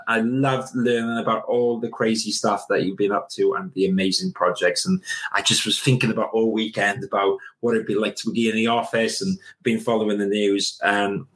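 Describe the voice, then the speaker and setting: A young man co-hosting a casual chat show, giving career advice and acting out little scenes in a raised voice. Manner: animated, acts out little scenes in a higher voice.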